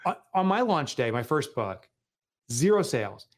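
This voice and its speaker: A man, an author and guest, chatting casually, telling animated stories, acting out quotes and laughing often. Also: medium pitch, moderate pace. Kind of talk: casual conversation.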